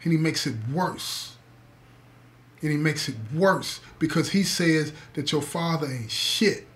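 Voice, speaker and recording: In an unhurried voice that is on the high side and fairly bright, a man tells a story to an audience. He speaks with emphasis, repeats key words, and calls the listeners "y'all."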